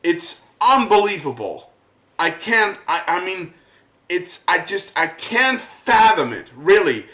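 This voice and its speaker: A man ranting to camera as a vlogger, worked up and halting, repeating his words as he goes. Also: high voice, sing-song, bright, forceful tone, echoey room, poor audio. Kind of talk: angry rant to camera.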